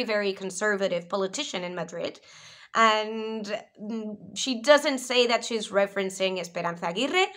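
A woman's voice: on the high side, sharp tone. A woman from Spain with a Spanish accent, speaking English as a second language in a chatty, enthusiastic vlog review full of fillers. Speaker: video reviewer. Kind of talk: casual explanatory vlog.

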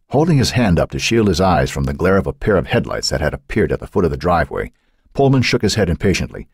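A man narrating a thriller audiobook in an expressive, suspenseful reading. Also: extremely low pitch, quick pace, husky, no echo, studio quality.

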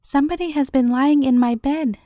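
A woman's voice: high-pitched, fairly quick, dark tone, dry recording, studio quality, natural voice. A woman reading the lines of the middle-sized mother bear from a fairy tale, in her own storytelling voice. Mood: indignant.

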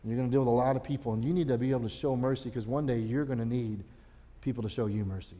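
A man playing an aging king who gives his son fatherly, confessional advice in a slow, reflective way. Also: medium pitch, fairly even intonation, warm tone, lightly acted. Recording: long church reverb.

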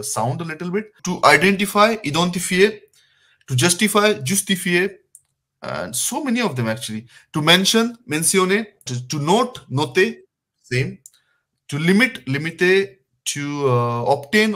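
A man's voice: mid-range voice, a bit bright. A man with an Indian English accent, teaching French in a live online lesson, encouraging viewers and calling out vocabulary for them to answer.

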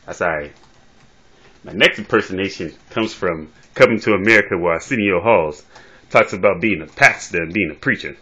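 A man's voice: moderate pace, breathy edge. A man doing boastful, teasing comic banter and impressions. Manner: boastful, teasing banter with lively pitch swings. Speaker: amateur comedian. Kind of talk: comic impressions and trash talk. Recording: dull lo-fi phone recording.

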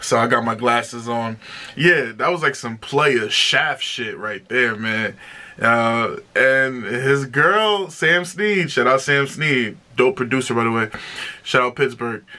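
Bright-voiced excitable male reviewer. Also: mid-range voice, slow pace. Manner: excitable, slangy, chatty. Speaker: music reaction host. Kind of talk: casual music reaction review.

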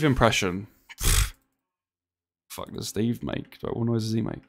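Joking young streamer. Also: male voice, fairly low pitch, normal speed, long pauses. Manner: joking, swearing, easily excited. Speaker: gaming streamer. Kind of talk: casual chat while playing a game.

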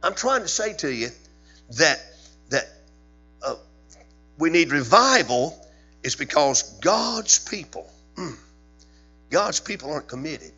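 A man preaching a fiery Sunday evening sermon from a church pulpit, high and piercing with a husky edge. He repeats his points and challenges the congregation with questions. The recording is dull and lo-fi, with a steady hum and faint music underneath. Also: takes it slowly, long pauses. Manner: fiery, rising to loud preaching peaks. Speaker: Baptist preacher. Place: church sanctuary.

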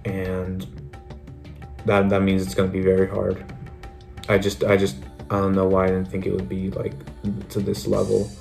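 A man's voice: deep voice, completely flat delivery, normal speed, gravelly, pauses often, a little mellow, soft background music. A young man contestant reflecting in a confessional, repeating words as he gathers his thoughts. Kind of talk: confessional interview.

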